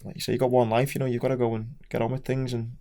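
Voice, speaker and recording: A man's voice: medium pitch, flat delivery, racing, vocal fry, mellow. A man with a Scouse accent, a podcast guest talking frankly and casually, with some swearing and restarts. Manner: frank, sweary, plain-spoken, hesitant restarts. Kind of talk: casual chat.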